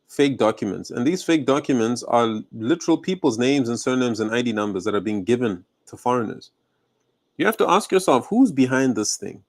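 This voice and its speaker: A man with a South African accent giving heated, confrontational reaction commentary, his voice rising when he gets angry. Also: medium pitch. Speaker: online commentator.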